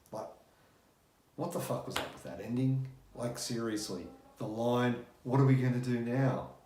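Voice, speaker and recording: A man's voice: lowish voice, darkish tone. A man reviewing a movie in a chatty, loose way, with fillers and blunt swearing. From Australia. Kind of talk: casual spoken review. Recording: echoey room.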